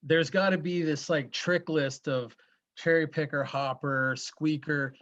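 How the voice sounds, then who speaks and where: A man's voice: on the high side, fairly even intonation, fairly bright tone. A man co-hosting a podcast over a video call, teasing and joking playfully. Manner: playful, teasing, quick to laugh along. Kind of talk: casual chat. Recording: muffled video-call audio.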